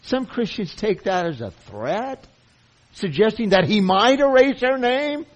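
A man's voice: high voice, sing-song, unhurried. A man preaching a sermon, earnest and emphatic, who often repeats himself as he presses a point. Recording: dull lo-fi sound.

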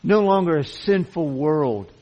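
A man's voice: a little high, animated, a little slow. An earnest male preacher delivering a sermon in a slightly raised voice. He talks emphatically and repeats words as he builds to each point. The recording sounds dull and lo-fi.

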